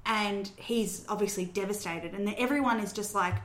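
Speaking at medium pitch and a moderate pace with few pauses, this podcast host retells a film scene by scene. Her manner is chatty and casual, full of fillers, and the room gives the audio a noticeable echo.

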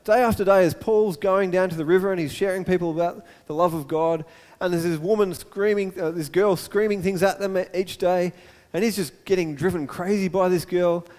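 A man preaching a sermon, retelling a story in a lively, storytelling way that often repeats and restarts words. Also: high voice, brisk, few pauses. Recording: echoey hall.

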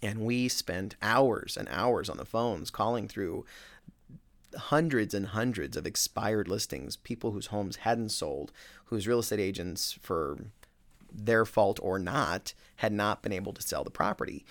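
A middle-aged man, a real estate agent, telling a story in a casual, animated, self-mocking way. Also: lowish voice, unhurried. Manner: animated, self-mocking, with many fillers and restarts.

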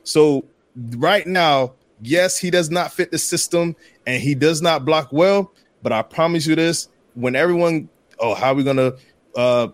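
A man with a fairly high voice speaks a little slowly, with no echo in the recording. He's the host of a casual sports podcast, making his case emphatically and repeating points for effect.

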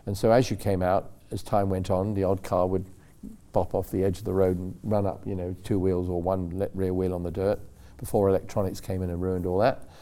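An older man on a talk-show stage tells a meandering story about his racing days. His voice sits low and sounds warm and relaxed. He keeps correcting himself mid-sentence and briefly puts on the voices of the people he quotes. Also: brisk. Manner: rambling and self-correcting, acts out quoted voices. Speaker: racing driver guest. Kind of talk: anecdotal storytelling.

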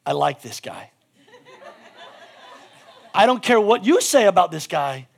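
A man preaching a sermon as pastor, animated and casual, swinging between loud bursts and hushed asides. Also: high voice, unhurried, gravelly, breathy edge, a faint crowd. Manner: casual, with many "like" fillers.

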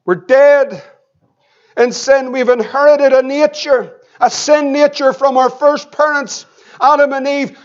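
A man's voice: extremely high pitch, unhurried. A middle-aged man, a pastor preaching an evangelistic sermon and telling family stories. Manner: impassioned preaching with anecdotes and repeated questions. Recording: dull lo-fi church recording.

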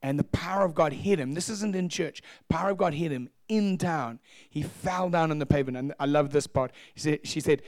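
Animated storytelling man pastor. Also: a little high, fairly quick, few pauses, dry recording, clean studio sound. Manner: animated, acts out voices, laughs at own stories. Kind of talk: sermon storytelling.

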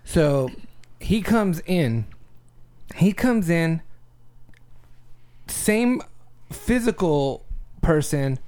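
A man co-hosting a podcast, telling a personal story with lively acted-out dialogue and frequent laughter. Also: fairly high pitch, extremely slow, pauses often, clean tone. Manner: animated storyteller, acts out dialogue, laughs often. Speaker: podcast co-host. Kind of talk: casual chat.

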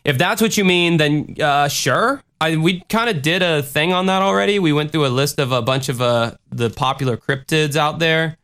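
A man hosting a podcast, answering listener questions in a profane, rambling way with animated rants. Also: fairly high pitch, moderate pace, clear, resonant tone. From Florida. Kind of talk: casual podcast rant.

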